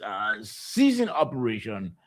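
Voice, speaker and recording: A man's voice: lowish voice, huge pitch swings, measured pace. A man with a Liberian accent hosts a live radio talk show, trailing through his opening with many uhs, you-knows and repeated words. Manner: loose, filler-heavy delivery with many uhs and repeated words. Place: radio studio.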